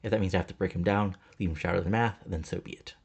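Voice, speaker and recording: Brief: quietly menacing prophet type, husky, voiced by a man. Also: low-pitched, fairly even intonation, exaggerated voice. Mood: solemn. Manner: slow, solemn, preachy. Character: solemn cult-leader male wrestler, calm and menacing.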